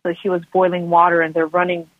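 A woman's voice: fairly low pitch, completely flat delivery, fast, no echo. Woman rambling on a tinny phone line. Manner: rambling, with frequent restarts and "like" fillers. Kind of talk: personal storytelling.

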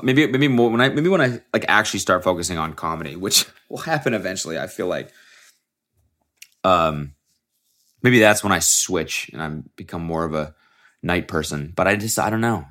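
Low-voiced rambling, swearing podcast host. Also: male voice, normal speed, a bit bright. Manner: rambling, profane, self-interrupting. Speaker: podcast host and aspiring comedian. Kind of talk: casual solo podcast monologue.

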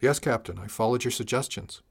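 Give me a dry, soft-spoken male crewman, as a man reads him, speaking low and understated in a sci-fi audiobook. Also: a little fast, husky.

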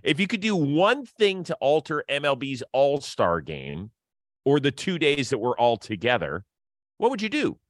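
A man's voice: mid-range voice, sing-song, normal speed, no echo. A man hosting a sports podcast, talking casually and upbeat, often laughing as he chats. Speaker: podcast host.

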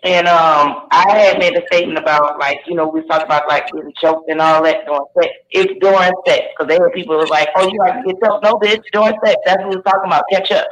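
A man's voice: a little high, steady tone, fast, hardly any pauses, a bit bright. A man calling into a talk show, brash and chatty. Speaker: caller. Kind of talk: casual call-in chat. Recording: dull echoey phone call.

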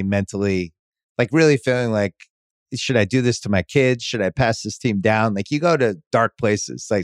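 A man's voice: medium pitch, no room sound, studio quality. A man hosting a sports podcast, casual and teasing, asking long rambling questions. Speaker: host.

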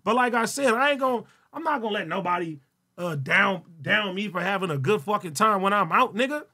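A man hosting a solo livestream, talking loud and profane with frequent laughter. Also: sits high, lively intonation, fairly quick. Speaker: livestream host. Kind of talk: casual solo livestream chat.

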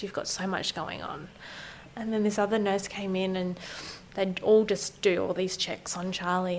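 A woman in her thirties recounts her own story in a candid, conversational way. Her voice sits at a middle pitch and often drops to a breathy near whisper. A faint background hiss runs under the recording. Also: low-quality recording. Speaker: guest telling her story. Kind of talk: personal storytelling.

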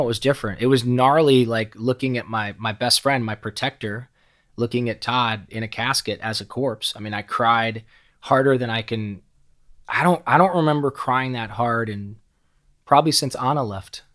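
This middle-aged podcast guest has an ordinary mid-range male pitch and a fairly bright tone. His storytelling is raw and heartfelt, full of free swearing, and he stumbles over repeated words as he goes.

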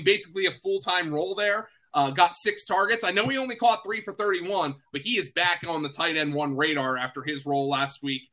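Male fantasy analyst, chatty podcast delivery, very bright tone, slightly high voice. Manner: quick, chatty, self-deprecating, many fillers and restarts. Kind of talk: casual sports podcast chat.

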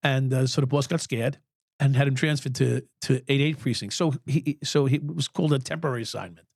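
A sixty-something ex-cop appears as a podcast guest, speaking a little fast in a creaky, medium-pitched voice with a darkish tone. He recounts frank stories bluntly, cursing freely and chuckling, in a clean studio recording without room sound.

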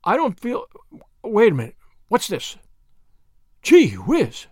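A man's voice: fairly high pitch, very animated, normal speed, no room sound, clean studio sound. A male narrator voicing a brash, gun-carrying young American man who talks with a blunt drawl. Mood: thrilled.

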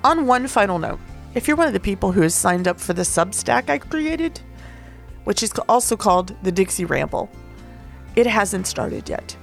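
Gravelly-voiced woman telling a candid story. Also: medium pitch, expressive, moderate pace, soft background music. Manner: candid, rambling and openly emotional, with casual swearing. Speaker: podcast host. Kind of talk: personal storytelling monologue.

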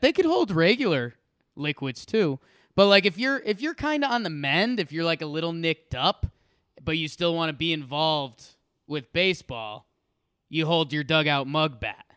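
A man's voice: fairly high pitch, a bit bright, clean tone, dry recording, clean studio sound. A man co-hosting a sports podcast, talking with enthusiasm and rambling through ad reads and stats. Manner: enthusiastic, rambling, repeats words. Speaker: podcast co-host. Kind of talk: casual sports podcast chat and ad read.

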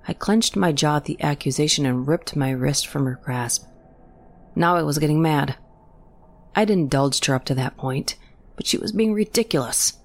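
A woman reading a first-person horror story in a steady, measured way. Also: deep voice. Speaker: story narrator.

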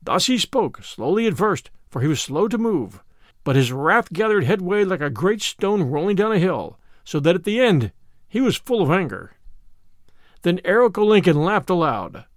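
A man reading a classic adventure tale aloud as a storyteller, with an expressive storybook delivery. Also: sits high, moderate pace, no room sound, clean studio sound.

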